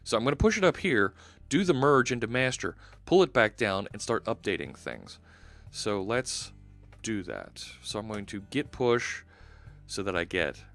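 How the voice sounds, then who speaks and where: Low-voiced man thinking aloud. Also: fairly bright tone. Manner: casual, thinking aloud while working. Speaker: host. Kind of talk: live-stream coding chat.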